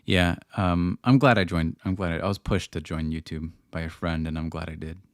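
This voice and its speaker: Low-voiced man rambling on a livestream. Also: steady tone, fairly quick, no room sound, studio quality. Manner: rambling, ranting, frequent restarts. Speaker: livestream host answering chat. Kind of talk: casual livestream Q&A.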